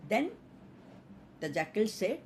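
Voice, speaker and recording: A woman tells an old fable slowly, pausing often with fillers. Her pitch moves up and down a lot. There is a faint hiss behind her. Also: very animated, a little mellow. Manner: unhurried, with many fillers. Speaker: storyteller. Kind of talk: telling a fable.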